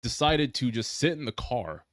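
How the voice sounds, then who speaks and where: A man's voice: medium pitch, very animated, moderate pace, a bit bright, no room sound. A young man co-hosting a podcast, chatting in a laid-back way and swearing casually. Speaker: podcast co-host. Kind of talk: casual chat.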